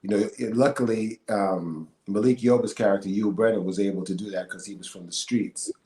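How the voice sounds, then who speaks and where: A man's voice: fairly low pitch, brisk. A middle-aged man, an actor and singer, chatting as an interview guest, telling stories with lots of fillers and laughs. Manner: animated storyteller, laughs often, many fillers. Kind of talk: casual interview chat. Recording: echoey room with faint noise.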